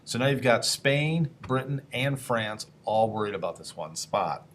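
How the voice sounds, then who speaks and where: A man's voice: lowish voice, expressive, unhurried, fairly bright tone. Casual man giving a history lecture. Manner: conversational, asks the class questions, acts out historical figures in casual asides. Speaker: teacher.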